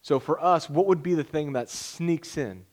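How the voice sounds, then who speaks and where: Casting note: young man, pastor delivering a sermon in a loose, joking, conversational way, slightly higher voice. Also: moderate pace.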